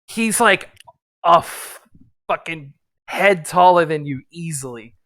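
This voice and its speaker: A man's voice: fairly high pitch, animated, slow pace, bright, forceful tone, no echo. A man running a tabletop role-playing game, narrating in a loose, rambling way. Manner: loose, rambling, laughing often. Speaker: game master.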